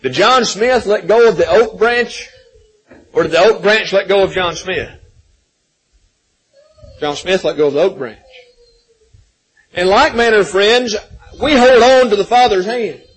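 Guy preaching in a pretty high voice, folksy storytelling, lots of restarts. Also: unhurried, long pauses, slightly rough, rough recording. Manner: folksy storytelling, repeats words when restarting. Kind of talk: sermon with storytelling.

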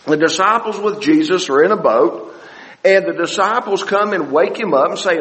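A man preaching a Bible study sermon, often halting and repeating words as he searches for the next phrase. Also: sits high, a bit bright, in a large hall, poor audio.

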